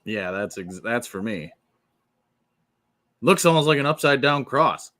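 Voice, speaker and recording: A man's voice: mid-range voice, expressive, a little slow, bright, forceful tone. A man chatting casually as a podcast co-host, laid-back and wry, swearing casually. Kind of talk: casual chat.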